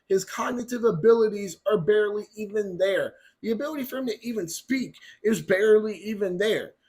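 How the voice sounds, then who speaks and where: A man vlogging about firearms in heated, ranting commentary, blunt and profane. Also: high voice. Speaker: gun channel vlogger.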